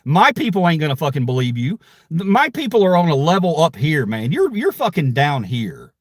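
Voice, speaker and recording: In an angry livestream rant, a channel host goes after online critics in a heated, profane, confrontational way. His voice is a little high and swoops wildly in pitch at a moderate pace. The recording is dry, with clean studio sound.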